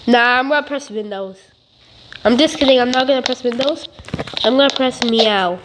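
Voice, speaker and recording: A woman's voice: fairly high pitch, moderate pace. A young female gamer chatting playfully while she plays, silly and repetitive. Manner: chatty, silly, repeats herself. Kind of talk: playful gameplay commentary. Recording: noisy home recording.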